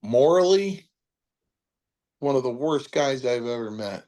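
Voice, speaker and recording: A man in his fifties telling wrestling stories in a casual interview, acting out quotes with big jumps in his voice. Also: normal speed. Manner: animated storyteller, acts out quotes with big pitch jumps. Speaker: interview guest, former wrestler.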